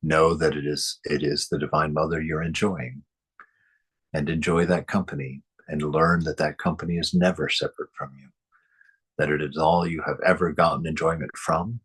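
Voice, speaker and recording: A man with a deep, slightly husky voice reads from a spiritual text and comments on it. He speaks emphatically, repeats key phrases and chuckles often between points. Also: flat delivery, normal speed, fairly bright tone. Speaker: spiritual teacher reading and commenting. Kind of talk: book reading with commentary.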